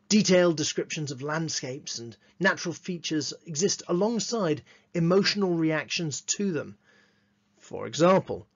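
A man teaches literature, reading old passages aloud in a measured way. His voice sits a little high, and he drops in dry, wry asides. The recording sounds dull and lo-fi. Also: slightly rough. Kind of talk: lesson with read-aloud quotations.

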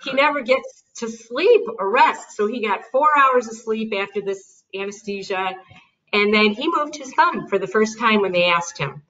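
A woman's voice: fairly high pitch, moderate pace. A woman, a mother, telling her family's story in an interview and acting out what people said. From United States. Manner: animated retelling with quoted dialogue and light laughs. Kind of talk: conversational storytelling. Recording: distant, dull lo-fi recording.

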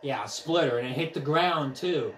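A young man giving casual commentary on a motion game he is playing, excitable and trash-talking, out of breath as he swings a controller. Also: a little high, moderate pace, a little hiss or hum. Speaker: gaming vlogger. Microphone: camera mic from a few steps away. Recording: echoey room, distant from mic.

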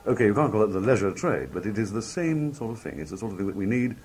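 A man from Liverpool, working as a television announcer, telling anecdotes in a relaxed interview and acting out the people he quotes. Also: on the low side, fast, a little hiss or hum. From Liverpool, England. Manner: lively raconteur, acts out quoted people in different voices. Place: outdoor country fair at a cricket ground.

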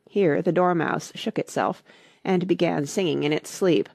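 A woman narrating a classic storybook with an expressive, lively reading. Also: on the low side, moderate pace, gravelly, no room sound, clean studio sound. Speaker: audiobook narrator.

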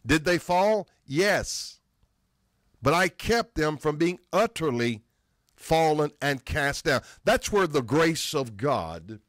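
A middle-aged man preaching a sermon, quoting scripture and slowing down hard on key words for emphasis. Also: on the high side, fairly bright tone, no echo, clean studio sound.

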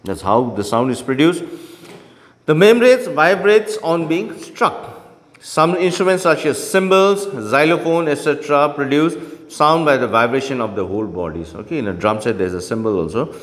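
A man's voice: a little high, big-room sound. A male teacher explaining a lesson in an online class, often checking in with "okay" and "right?".

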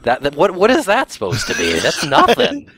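A man doing casual let's play commentary with wry, deadpan jokes. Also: fairly high pitch, normal speed, a little hiss or hum.

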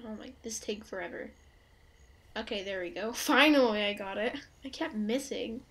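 A woman doing let's play commentary, joking around and breaking into loud startled outbursts. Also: medium pitch, moderate pace. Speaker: gaming YouTuber.

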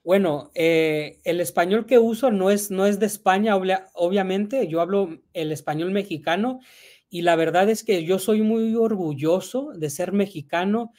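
High-voiced man chatting on a live stream. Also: normal speed, darkish tone. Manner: rambling, reads out chat questions, mixes in Spanish. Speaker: guest answering viewer questions.

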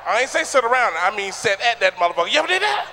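A man doing a loud, animated stand-up routine on a comedy stage, acting out the voices in his stories. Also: high-pitched, rapid-fire, slight background noise. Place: comedy stage before a live audience.

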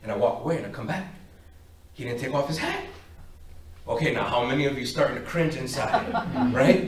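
A man's voice: on the high side, moderate pace, a little hiss or hum. A man giving a faith talk to a parish group, telling stories and acting out each voice in them. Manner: animated, acts out both sides of stories. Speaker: parish speaker. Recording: echoey hall, far from mic.

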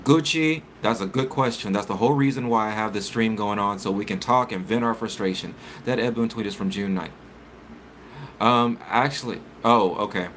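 A man's voice: fairly low pitch, normal speed, a bit bright, slight background noise. A man hosting a casual live stream, chatting with viewers and reading articles aloud with stumbles and self-corrections.

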